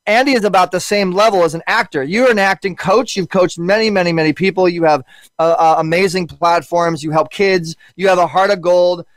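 An energetic man hosts a casual podcast, hurried and tripping over his own restarts. His voice sits high and rushes along. The sound is dry and close to the mic. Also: dry recording. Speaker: podcast host.

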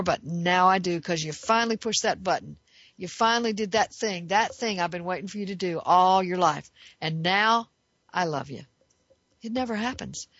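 A woman's voice: mid-range voice, a bit bright, dry recording. A woman giving an earnest, emphatic monologue as a self-help speaker, asking rhetorical questions and answering them. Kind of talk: reflective monologue. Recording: dry, muffled recording.

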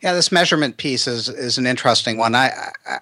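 A man's voice: mid-range voice, animated, fast talker, bright, forceful tone, no echo. A man hosting an interview, thinking aloud in a conversational way with many restarts. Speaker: podcast host.

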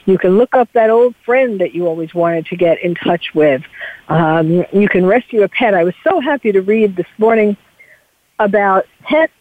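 A woman with a New York accent chats through advice on her radio show, pausing on ums and restarting lines. Her voice comes through thin and tinny, like a phone line, with no room sound. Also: medium pitch, expressive, no room sound. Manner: chatty, hesitant with many ums and restarts. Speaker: radio show host, psychologist. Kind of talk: casual advice talk.

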